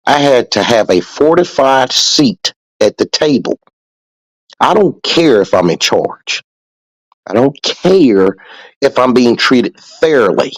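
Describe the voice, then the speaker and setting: A man's voice: mid-range voice, lively intonation, slow, no room sound, poor audio. A man hosting a podcast, talking casually and preachily, with lots of swearing and repeated points. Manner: profane, preachy, emphatic with repetition. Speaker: podcast host. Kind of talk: casual motivational podcast talk.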